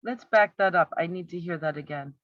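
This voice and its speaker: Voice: medium pitch, brisk, no room sound. A commentator picking apart a campaign video with exasperated, sarcastic rhetorical questions. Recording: slightly muffled, dry.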